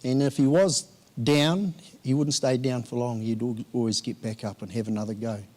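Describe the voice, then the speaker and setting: Halting man giving a heartfelt eulogy. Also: medium pitch, steady tone, a little mellow. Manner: halting, with many fillers and restarts. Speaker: eulogy speaker. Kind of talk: memorial speech.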